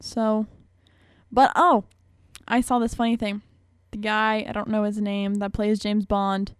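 A woman's voice: medium pitch, little pitch movement, measured pace, clear, resonant tone, no echo, studio quality. A young woman hosting a radio show, talking in a rambling, chatty, self-mocking way. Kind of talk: casual chat.

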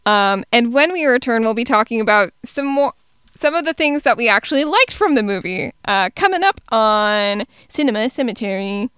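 Woman cohosting a movie podcast, bright crisp voice, dry close sound, lots of ums. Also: a little high, moderate pace, dry recording. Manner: relaxed, hesitant with many ums. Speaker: podcast co-host. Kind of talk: casual film review chat.

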